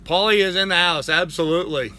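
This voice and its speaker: An older man hosting a relaxed live stream from home, his voice bright and edgy, sitting a little high for a man. He rambles along, thanking chatters by name and cooing at his dog in between. A faint hiss sits under him. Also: quick pace. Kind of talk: casual live chat.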